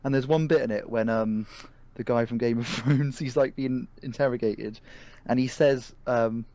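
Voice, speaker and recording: A man's voice: mid-range voice, steady tone, normal speed, dark tone, dry recording. Man, podcast co-host, rambling, hesitant, dull lo-fi sound, dry close mic. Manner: rambling, hesitant with many fillers. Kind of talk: casual podcast chat.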